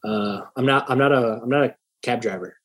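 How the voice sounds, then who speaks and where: Speaking briskly in a mid-range voice, a young man spins a casual, profane story. He animatedly performs a heated argument in quoted dialogue.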